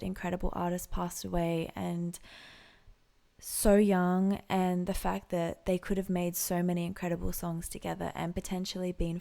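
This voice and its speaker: Woman reaction vlogger, gravelly low voice, reflective casual commentary, occasional hushed asides. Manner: reflective, soft-spoken, drifting into whispered asides. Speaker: music reaction vlogger and singer.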